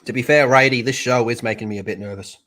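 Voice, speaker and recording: A man's voice: mid-range voice, fairly even intonation, quick pace, fairly bright tone. A young man with an Australian accent, chatting crudely and swearing a lot on a live stream, laughing often. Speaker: streamer reviewing a TV show. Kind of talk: casual live-stream chat.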